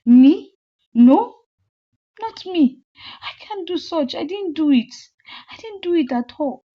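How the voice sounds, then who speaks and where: A woman voicing a frightened young woman who pleads and insists over and over that she is innocent. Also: moderate pace. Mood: pleading. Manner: high, pleading, repeating herself. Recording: slightly muffled lo-fi audio.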